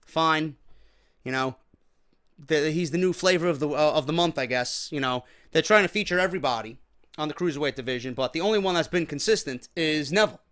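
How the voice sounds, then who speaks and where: A man delivers an exasperated, profanity-laced rant as a show host. His voice sits high and cuts with a sharp, bright edge. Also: a little fast. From New York. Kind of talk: ranting commentary.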